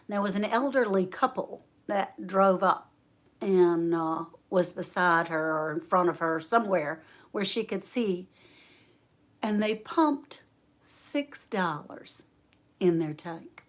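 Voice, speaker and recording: A woman hosting a homestead livestream, telling a story in a folksy, animated way. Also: on the low side. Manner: slow, folksy, animated storyteller who laughs often. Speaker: homestead channel host.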